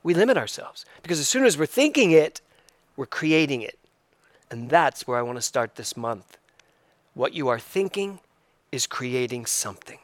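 A man's voice: medium pitch, sing-song, moderate pace, dry recording. Reflective male minister with a dry sound. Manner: reflective, repeats phrases for emphasis. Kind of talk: sermon.

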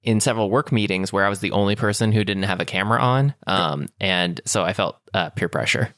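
A man with a low voice chats casually over a video call. He hesitates often and fills the gaps with ums and uhs. The sound is dry and close, with no room around it. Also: a little fast, fairly bright tone, dry recording. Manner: hesitant, many fillers and restarts. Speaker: conversation partner. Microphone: webcam or computer mic on a video call.

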